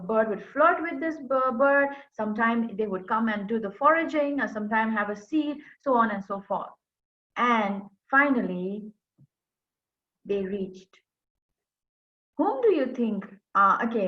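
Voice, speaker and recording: Lady telling a folk story on a call, lively, kinda high voice, muffled audio. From Darjeeling, India. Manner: animated, addressing listeners directly. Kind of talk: online folk-tale storytelling.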